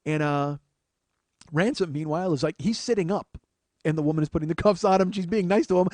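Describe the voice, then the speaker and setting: A man's voice: high-pitched, expressive, fast talker, a little mellow, no echo. A male comedian hosting a podcast, telling a profane story into a studio microphone. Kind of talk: storytelling monologue.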